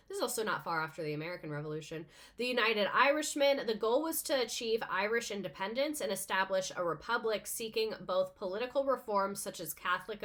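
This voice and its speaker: A woman's voice: mid-range voice, fairly bright tone. A young adult woman, a teacher, reading a text aloud in a casual way and breaking off for chatty, sarcastic comments with plenty of swearing.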